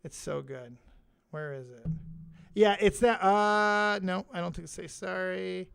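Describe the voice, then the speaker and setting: A man's voice: high-pitched, measured pace, gravelly, a bit bright, clear, resonant tone, no echo. A man hosting a livestream with casual, rowdy and profane banter. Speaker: livestream host.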